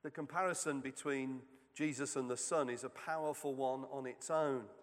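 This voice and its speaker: A man giving a sermon reflection, reading in a slow, measured way with long pauses. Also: mid-range voice, in a large hall. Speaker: preacher.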